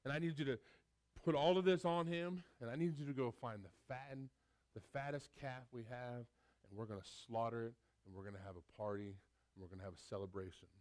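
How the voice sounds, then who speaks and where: A man's voice: mid-range voice, fairly even intonation, brisk, darkish tone, lightly acted. A preacher voicing an insistent, joyful father. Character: joyful father giving orders to servants.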